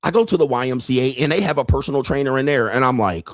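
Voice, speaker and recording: A man's voice: mid-range voice, animated, fast, hardly any pauses, no echo. Brash ranting man, very dry sound. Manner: brash, ranting, laughs often, mimics people. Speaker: podcast host. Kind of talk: profane livestream monologue.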